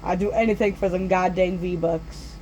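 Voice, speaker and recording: A man's voice: high voice, steady tone, moderate pace, a little mellow, lo-fi sound, a little hiss or hum, lightly acted. A young male storyteller voicing his cocky, reckless older brother in a brash, boastful way.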